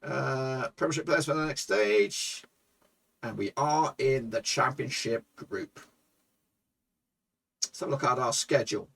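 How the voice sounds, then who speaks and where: A man commentating his own football management game for viewers, excitable and swearing, shouting at goals. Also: mid-range voice, measured pace, creaky, pauses often, breathy edge, distant mic. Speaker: gaming YouTuber.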